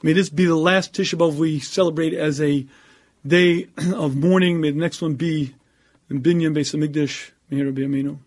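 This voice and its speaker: A rabbi delivers an earnest, emphatic Torah lecture, then takes questions from his audience. His voice sits high for a man, and he keeps clearing his throat as he speaks. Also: steady tone, normal speed, darkish tone. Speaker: rabbi giving a talk.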